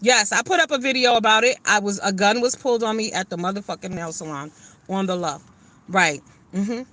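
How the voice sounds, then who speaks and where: A fired-up woman hosts a livestream, talking straight to her viewers with blunt, profane conviction. Her voice is bright and clear, sitting at an ordinary pitch, and she keeps calling out viewers by name between points. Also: a little fast. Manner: greets viewers in chat by name. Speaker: livestream host. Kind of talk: livestream chat and rant.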